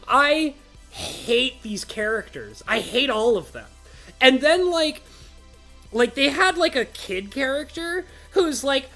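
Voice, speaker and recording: A woman's voice: high-pitched, wildly swooping pitch, takes it slowly, fairly bright tone, faint music behind. A woman hosting her own channel, ranting in a casual, exasperated, repetitive way. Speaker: channel host.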